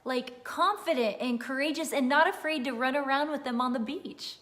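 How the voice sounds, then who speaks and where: A woman in her thirties delivers a heartfelt motivational talk as a nutritionist, speaking straight to her viewers. Her voice sits a little high, and she leans on repeated phrases for emphasis. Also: moderate pace, a bit bright. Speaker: nutritionist giving a pep talk. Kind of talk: motivational live-stream talk.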